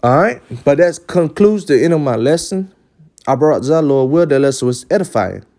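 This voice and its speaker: High-voiced man preaching emphatically. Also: expressive, normal speed, a little mellow. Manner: emphatic, ends phrases with "man"; stumbles and repeats words. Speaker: religious teacher. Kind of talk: preaching lesson.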